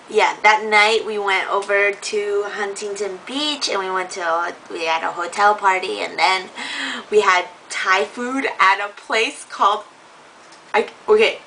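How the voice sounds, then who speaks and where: A woman's voice: mid-range voice, far from the mic, slight background noise, poor audio. A woman in her twenties telling a story in a casual vlog, giggling often and acting out what people said. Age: 20s. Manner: giggly, animated, acts out quotes. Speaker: vlogger.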